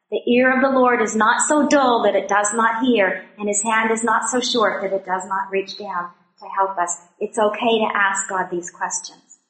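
A woman's voice: a little high, fairly bright tone, echoey room, poor audio. A woman teaching a women's Bible study, reading scripture verses and speaking conversationally with joking asides and earnest personal testimony.

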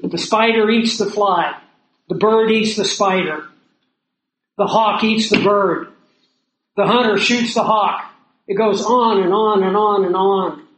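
A man's voice: high voice, a little slow, fairly bright tone. A man preaching a sermon in a conversational way, asking his listeners rhetorical questions. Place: outdoors or lodge near hills and prairie. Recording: roomy echo, faint noise.

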